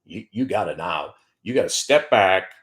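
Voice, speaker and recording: A man's voice: deep voice, expressive, normal speed, a bit bright. A middle-aged man hosting a stock trading show, giving casual, joking market commentary with mock-emotional outbursts and stumbling repeats.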